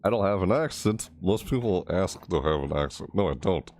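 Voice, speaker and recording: This gaming video creator has a somewhat dark tone and speaks a little quickly, animated but mumbling low. In a loose, rambling way he covers the game and how he feels about it, often backing up to fix what he just said.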